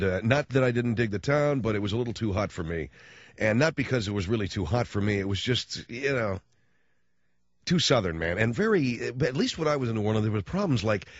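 Male radio host, rambling storyteller, very lively pitch, dry dull studio sound. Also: dry recording. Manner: rambling, animated, slangy. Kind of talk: casual storytelling monologue.

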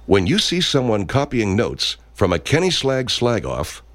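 A man performing an improvised comedy sketch as a pompous self-help spokesman, deadpan with sudden outbursts. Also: mid-range voice, a little slow, dry recording.

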